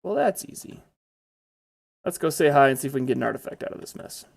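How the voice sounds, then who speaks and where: A man's voice: mid-range voice, expressive, quick pace, gravelly. A man giving casual, chatty commentary over his own gameplay, blurting out exclamations when startled.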